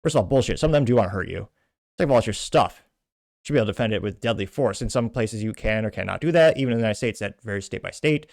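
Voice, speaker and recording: A man's voice: on the low side, expressive, very fast, vocal fry, darkish tone, dry recording, clean studio sound. A man from Texas hosting a political commentary show, delivering blunt, indignant rants with heavy emphasis.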